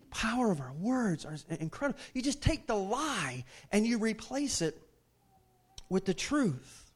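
A man's voice: high-pitched, very animated, a little slow, slightly rough. A male pastor preaching a sermon emphatically, repeating his phrases and putting questions to the congregation.

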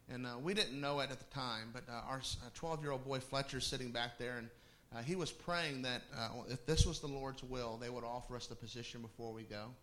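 A man's voice: medium pitch, brisk, hardly any pauses, bright, forceful tone. A middle-aged male pastor telling a personal story in a sermon, conversational, with laughing asides and restarts.

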